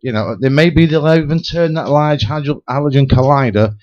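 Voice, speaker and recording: A man's voice: on the high side, brisk. Rambling theorizing man on lo-fi radio. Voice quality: lively, theorizing, many restarts. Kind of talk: rambling speculative radio chat. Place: radio studio. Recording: lo-fi radio broadcast.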